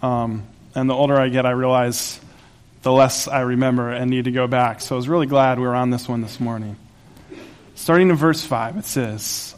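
A man's voice: mid-range voice, fairly even intonation, moderate pace, clear, resonant tone. A pastor preaching a sermon to his congregation in a conversational, humorous way, laughing at his own asides. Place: church sanctuary.

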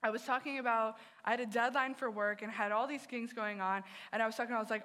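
A woman's voice: a little high, steady tone, fast, hardly any pauses, sharp tone. A woman youth director giving an earnest sermon, telling personal stories and speaking straight to the listeners.

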